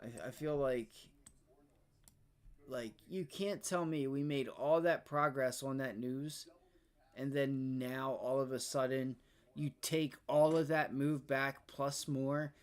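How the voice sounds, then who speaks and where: A young man hosting a live day-trading stream, ranting and swearing about the market, swinging between loud outbursts and low muttering. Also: steady tone, slow pace. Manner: frustrated, profane, ranting about price action. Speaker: day trading livestream host.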